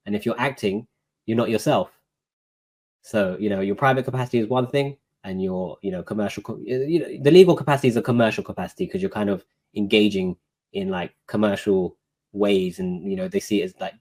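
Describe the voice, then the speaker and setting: A man's voice: fairly low pitch, fairly quick. A man talking casually as a guest, recounting a court visit with lots of fillers like "you know". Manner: relaxed, filler-heavy, recounting a court dialogue. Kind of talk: casual conversational storytelling.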